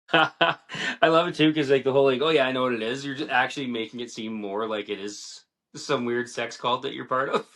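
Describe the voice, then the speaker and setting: Male podcast co-host, mid-pitched, playful casual banter. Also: steady tone, brisk, a bit bright. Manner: laughing, playful reactions. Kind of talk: casual chat.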